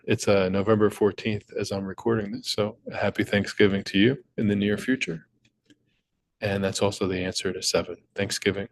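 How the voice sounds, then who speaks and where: A young man who makes and teaches crossword puzzles patiently explains clues in a screen-recorded tutorial walkthrough, with small slips and restarts. His voice is fairly low, and the recording is dry and poor in quality.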